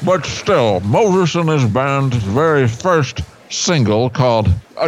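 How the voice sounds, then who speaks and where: A man's voice: mid-range voice, animated, slow, hardly any pauses, faint music behind. A man playing a news anchor in an improvised comedy newscast, delivering absurd nonsense with many fillers.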